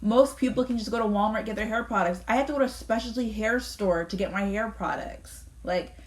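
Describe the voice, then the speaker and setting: A woman's voice: mid-range voice, a little fast. A woman from Canada, a pastor, speaking candidly in a conversation for a church video.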